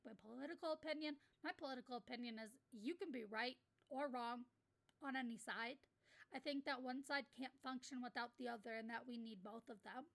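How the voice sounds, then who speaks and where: Bright, high-voiced woman ranting on stream. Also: gravelly. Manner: blunt, profane, heated ranting. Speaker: livestreamer. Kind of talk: casual livestream rant.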